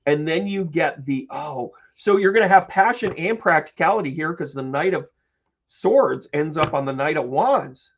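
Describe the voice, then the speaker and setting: A man with a fairly high, gravelly voice hosts a live tarot reading and jokes with his viewers as he goes. The stream audio sounds dull and lo-fi. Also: expressive. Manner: playful and joking, quick asides and laughs. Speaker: psychic medium and tarot reader.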